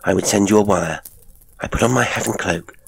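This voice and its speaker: Male narrator, deep and gravelly, measured and grave delivery. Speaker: audiobook narrator. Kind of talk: scripted narration of a Victorian story.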